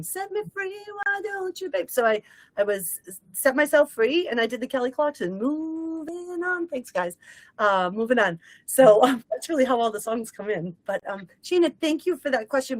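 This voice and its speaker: A woman, a medium, telling a personal story in casual conversation, emotional and animated, breaking into short sung lines. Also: fairly high pitch, no echo, rough recording. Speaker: guest medium.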